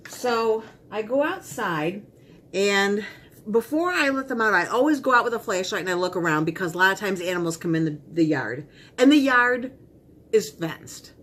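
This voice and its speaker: A woman's voice: medium pitch, animated, normal speed, a bit bright. A middle-aged woman chatting casually as she unboxes and tries on makeup, rambling and talking to herself. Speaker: beauty vlogger.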